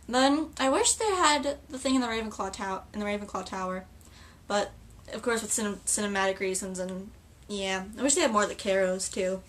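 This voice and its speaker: A woman chatting casually in a film reaction video, excitable and gushing, with many restarts and filler words. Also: mid-range voice, brisk, distant mic.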